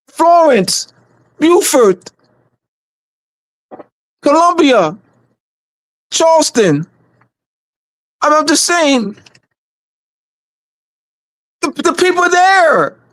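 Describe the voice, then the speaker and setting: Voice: drawn-out words, long pauses, dry recording, clean studio sound. Emphatic, repetitive community organizer. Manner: emphatic and repetitive, stumbles and restarts; shifts between low, calm delivery and raised, shouting emphasis. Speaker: community organizer hosting a meeting. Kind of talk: unscripted livestream talk.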